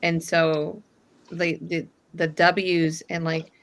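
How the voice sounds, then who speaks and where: A woman and mother chatting casually on a podcast, frank and quick to laugh. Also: on the low side, little pitch movement. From northern US. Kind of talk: casual chat.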